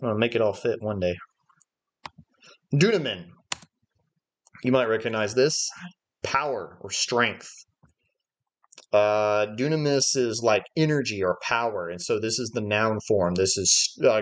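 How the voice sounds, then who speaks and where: On a church livestream, a man with a fairly low, unhurried voice leads a Bible study, walking through Greek words step by step. He thinks aloud and often fills pauses with "uh."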